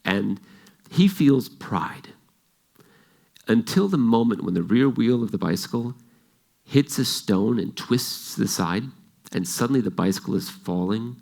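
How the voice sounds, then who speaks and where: A man's voice: on the low side, expressive, unhurried, vocal fry, a little mellow. A man giving an explanatory talk, telling an example story and acting out its dialogue. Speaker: speaker.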